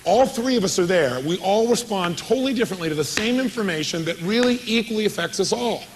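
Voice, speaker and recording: A motivational speaker from California gives a live seminar, telling a story with energy and quizzing his audience. His voice sits high, with lively intonation and a fast pace, and there's background noise.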